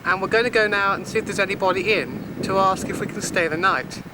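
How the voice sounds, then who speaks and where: A man's voice: high voice, fairly quick. An Englishman narrating his camping video diary outdoors in jokey, offhand commentary, recorded on a handheld camcorder. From England. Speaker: video diarist. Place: outdoors in remote countryside. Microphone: handheld camcorder mic. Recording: noisy outdoor camcorder audio.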